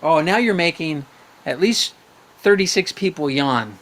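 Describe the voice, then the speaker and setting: A man's voice: a little high, expressive, unhurried, fairly bright tone. A man hosting a live call-in show, coaching young callers in a playful, upbeat way, asking questions and running little games.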